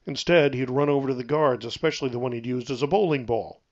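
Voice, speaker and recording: A man narrating his own novel aloud in a steady, even storytelling read. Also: medium pitch, a little fast, highs cut off.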